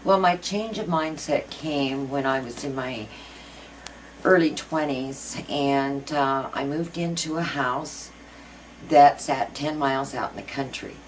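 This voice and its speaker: A woman's voice: rumbling low, slow pace, slight background noise. A middle-aged woman being interviewed, earnestly telling a personal ghost story with many fillers. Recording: voice a bit far from mic, faint music.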